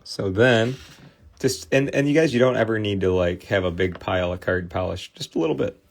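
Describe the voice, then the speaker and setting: A man's voice: on the low side, brisk, creaky. Casual Midwestern man rambling on a livestream. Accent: Midwestern American. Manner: rambling, friendly, many fillers and restarts. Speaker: host of a card cleaning livestream. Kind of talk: casual livestream chat while working.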